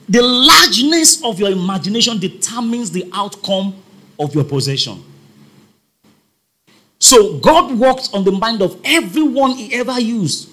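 A man's voice: high voice, sharp tone. A man preaching a sermon, emphatic, repeating his points and calling on the congregation to respond.

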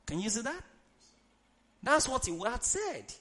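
A male preacher, delivering an emphatic sermon, reading scripture dramatically and urging the congregation to answer out loud. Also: extremely high pitch, big pitch swings, unhurried. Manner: emphatic, calls for congregation responses; reads scripture aloud in a dramatic tone.

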